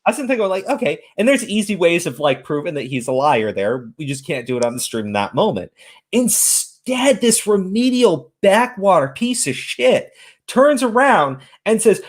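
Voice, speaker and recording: A man's voice: sits high, sing-song, moderate pace. A man hosting a casual commentary show, ranting profanely and breaking into incredulous outbursts. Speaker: podcast host.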